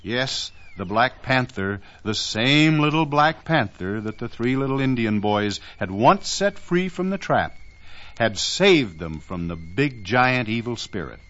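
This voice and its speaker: A man narrating a children's storybook in a gentle, expressive reading with asides to the listener. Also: medium pitch, unhurried. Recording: dull lo-fi record.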